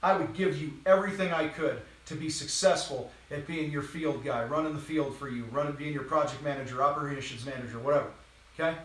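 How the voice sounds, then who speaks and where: A man's voice: on the high side, a little fast, fairly bright tone. A man hosting a live business training for contractors, talking bluntly and casually with bursts of energy and the odd swear word, while moving around. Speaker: host and business coach for contractors. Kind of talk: live training talk to a camera. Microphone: distant mic, moves around while talking. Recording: very echoey room, voice far from mic.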